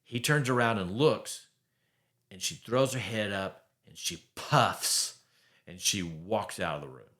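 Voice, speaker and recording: Slow, emphatic male podcast host. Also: fairly low pitch, sharp tone. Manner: emphatic, conversational, with wry chuckles. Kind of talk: faith-based marriage advice monologue.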